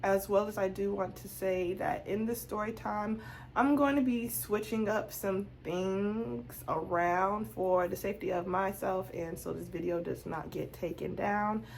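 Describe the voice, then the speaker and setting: A young woman vlogger telling a casual storytime, animated and acting out both sides of her conversations. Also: medium pitch, a little slow, creaky, slight background noise.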